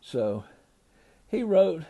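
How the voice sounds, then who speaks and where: Slow, gravelly older grandfather telling a story. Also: sits high, big pitch swings, dark tone. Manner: loose, ad-libbing retelling with small slips.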